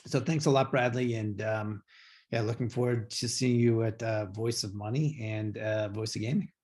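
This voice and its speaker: Male presenter on a video call, somewhat low voice, halting and filler-heavy. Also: fairly even intonation, darkish tone. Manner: hesitant, many fillers and restarts. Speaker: guest presenter. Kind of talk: conference talk.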